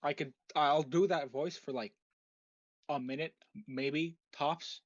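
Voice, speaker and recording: A man's voice: fairly high pitch, steady tone, slow pace, no echo. Tired young man rambling late at night. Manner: swearing, rambling, many restarts and fillers. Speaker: vlogger. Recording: dull lo-fi dry home recording.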